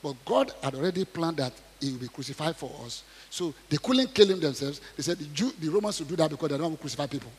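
Husky-voiced preacher in a reverberant hall. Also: male voice, on the high side, fast, few pauses. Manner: animated, jumps between quiet asides and loud acted quotes; asks the audience questions, repeats words. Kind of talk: sermon, reading and commenting on scripture.

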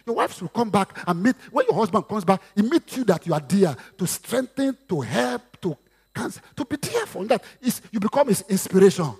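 A pastor with a Nigerian accent delivers a lively sermon in a high-pitched, slightly rough voice. He slips into Yoruba asides and acts out the quotes he cites.

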